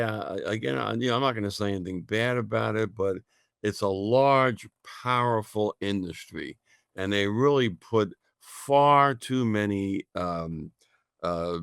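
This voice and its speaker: A man talking as a guest in a casual radio interview, halting, with many fillers and restarts. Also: low-pitched, gravelly, no room sound, studio quality. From United States. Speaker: guest, natural health college founder.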